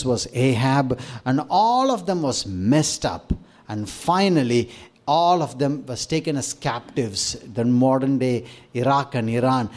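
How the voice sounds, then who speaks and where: A man's voice: medium pitch, a little mellow. A middle-aged man with a Tamil accent preaching a sermon in a conversational way, with frequent fillers and restarts. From Tamil-speaking South India. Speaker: pastor.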